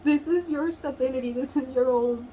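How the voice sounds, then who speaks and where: A woman giving a tarot reading to camera, emotional and earnest, often laughing softly and near tears as she repeats phrases. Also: sits high, normal speed, slight background noise, rough recording. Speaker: tarot reader.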